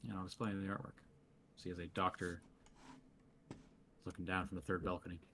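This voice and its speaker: A man's voice: low voice, level tone, brisk, sharp tone, a little hiss or hum. A man running a tabletop game as game master, in a casual, joking manner.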